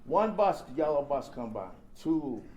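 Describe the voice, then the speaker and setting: A man telling a comic personal story at a recovery convention, animated and full of swearing and "man"s. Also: a little high, measured pace, slight background noise. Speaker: speaker sharing recovery story. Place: large convention hall with audience. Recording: echoey hall with audience laughing. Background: crowd laughing.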